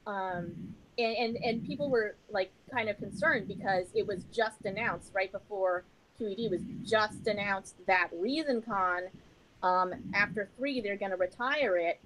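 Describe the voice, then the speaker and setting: Woman, podcast guest, casual interview chat, rambling, mid-pitched. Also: slight background noise, low-quality recording. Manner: chatty and rambling, with many fillers and laughs. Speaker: podcast guest and comedy show host.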